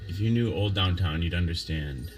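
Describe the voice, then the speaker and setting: A man's voice: deep voice, moderate pace, faint music behind. A man hosting a casual livestream, chatting loosely and thinking aloud as he reads viewer comments, with frequent chuckles.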